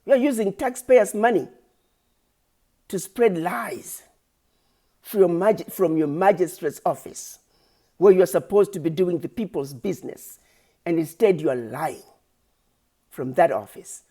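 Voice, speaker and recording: Speaking straight to her audience, this woman delivers an impassioned activist address in a fairly low, warm voice. She takes her time and pauses often, yet her intonation stays lively as she fires off pointed rhetorical questions and repeated lines in a preachy, accusing manner.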